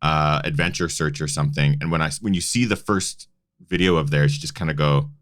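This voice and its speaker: A male host with a very deep voice chats on a live show, animated and exclamatory. His voice is close and dry. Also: a little fast, no room sound. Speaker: podcast host. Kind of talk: casual chat on a live show.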